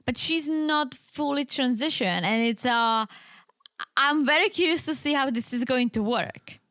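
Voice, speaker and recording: A woman co-hosts a podcast and weighs in on reality-TV couples with thoughtful, frank opinions. Her voice is high for a woman. It is recorded close and dry. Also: animated, a little slow, a bit bright, dry recording. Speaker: podcast co-host. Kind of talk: casual reality-TV recap chat.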